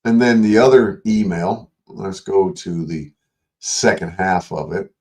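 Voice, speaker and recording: A man's voice: deep voice, steady tone, a little slow, mellow. A man hosting a late-night livestream, ranting in a combative, mocking and profane way at another online creator. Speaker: livestream host.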